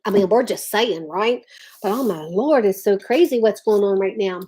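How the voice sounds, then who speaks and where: A woman's voice: mid-range voice, normal speed, warm tone, husky. A middle-aged woman hosting a casual livestream, chatting with viewers, greeting them by name and often restarting her sentences. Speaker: livestream host. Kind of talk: casual live-stream chat.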